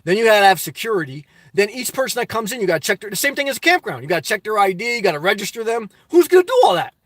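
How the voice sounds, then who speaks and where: A man with a New Jersey accent hosting a casual livestream, answering chat with animated rhetorical questions that swing from loud to soft. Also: sits high, rapid-fire, no echo. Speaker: livestream host reading chat. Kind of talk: casual live chat monologue.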